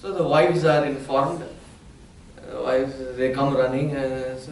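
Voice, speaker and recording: A man's voice: medium pitch, fairly even intonation, slow pace, a little hiss or hum. Man, swami telling jokes in a discourse; echoey hall, somewhat off-mic. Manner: storytelling, teasing the audience. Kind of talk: humorous spiritual discourse with jokes. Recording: roomy hall, mic at a distance.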